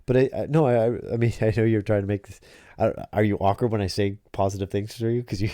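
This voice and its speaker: Middle-aged male host, very low mellow voice, halting restarts, dry close sound. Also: fairly even intonation, no echo. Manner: halting, repeats words when starting a thought. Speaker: podcast host. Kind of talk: casual chat with his daughter.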